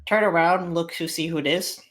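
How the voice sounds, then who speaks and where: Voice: mid-range voice, a little fast, fairly bright tone. Matter-of-fact tabletop player. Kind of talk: tabletop role-play.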